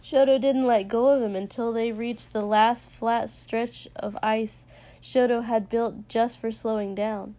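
A woman's voice: on the high side, steady tone, a little slow, dark tone. Woman reading a story aloud. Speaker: narrator. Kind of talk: reading fan fiction aloud.

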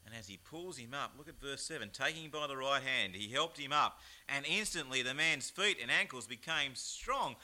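A man with an Australian accent, preaching a chatty, animated sermon with plenty of rhetorical asides. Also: mid-range voice, moderate pace, hardly any pauses. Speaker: pastor. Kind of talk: lively sermon.

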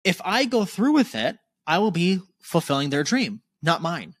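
A man in his twenties talking candidly as a podcast guest, casual and animated, swearing freely. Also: high-pitched, moderate pace, no room sound. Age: 20s.

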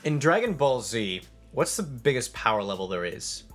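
A man's voice: mid-range voice, normal speed, soft background music. A man co-hosting a casual podcast chat, joking and telling stories. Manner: animated, joking storyteller. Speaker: podcast co-host.

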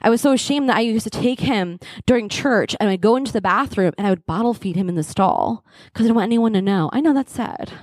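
A woman's voice: fairly high pitch, fast talker, a little mellow, no room sound. An American woman in her thirties telling a comic, self-deprecating story to an audience as a conference speaker. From United States. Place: live event stage.

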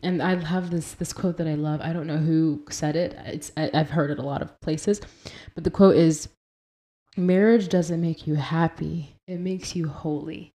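A woman's voice: lowish voice, warm tone. A young woman hosting a Christian devotional podcast, talking earnestly and conversationally as she quotes and explains scripture, sometimes laughing at her own pronunciation. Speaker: podcast host.

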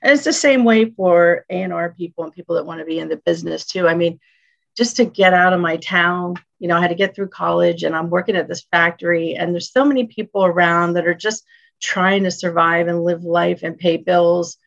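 A woman music executive, a guest on an interview show, telling animated stories and acting out what people said. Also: on the low side, fairly quick, vocal fry. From northeastern United States. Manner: animated storyteller, acts out quotes. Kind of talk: casual interview chat. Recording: dull lo-fi audio.

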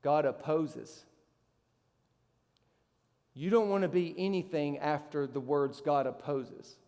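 Pastor, male, high tenor preacher; emphatic delivery, sharp jumps on questions; long hall reverb. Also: moderate pace, clear, resonant tone. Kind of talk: sermon.

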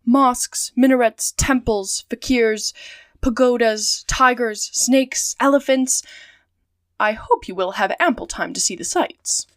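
A cheerful, trusting manservant, read by a woman speaks in an amiable, eager way from the pages of a storybook. The voice sits fairly high and sounds close and dry, with no room around it. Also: takes it slowly, dry recording. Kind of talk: storybook reading.

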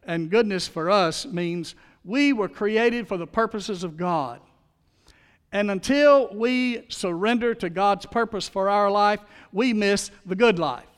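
A man's voice: high voice, slow, clean tone, long reverb tail. A man preaching a sermon as pastor, in a folksy, storytelling manner.

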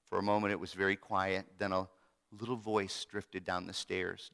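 A man in his fifties preaching a sermon, swinging dramatically between loud emphasis and hushed asides. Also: low voice, level tone, normal speed, creaky, smooth. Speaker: pastor. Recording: long hall reverb.

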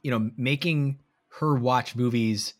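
A man's voice: mid-range voice, unhurried. Rambling man on a movie podcast. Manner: rambling, many fillers, trailing off softly. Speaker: podcast co-host. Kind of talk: casual movie review chat.

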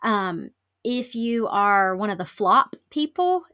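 A woman's voice: medium pitch, big pitch swings, takes it slowly, sharp tone, no echo, lo-fi sound. Chatty woman hosting a podcast. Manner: chatty, lots of "like" fillers; candid and self-deprecating. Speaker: podcast host. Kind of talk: casual solo podcast talk.

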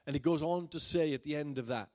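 A man, a pastor, telling a personal story in a sermon in a chatty way that builds to loud, emphatic bursts. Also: a little high, fast. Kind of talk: sermon testimony.

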